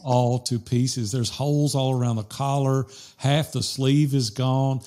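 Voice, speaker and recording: A man hosting a podcast in casual chat, telling a story with animated quotes of other people. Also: medium pitch, a little slow. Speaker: podcast host.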